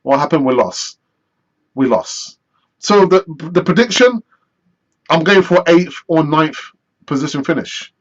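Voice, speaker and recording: A man hosting a live football fan stream, chatty and animated as he answers viewer messages. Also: on the high side, a little slow, long pauses, lo-fi sound. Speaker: football fan channel host.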